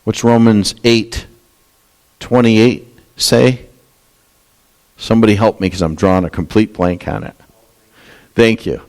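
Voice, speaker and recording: A man preaching a Bible study sermon in a candid, conversational way. He talks plainly with his listeners and speaks from his own experience. When he quotes scripture and acts out its voices, he becomes animated. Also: on the low side, a little slow, pauses often. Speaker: pastor. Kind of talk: expository sermon.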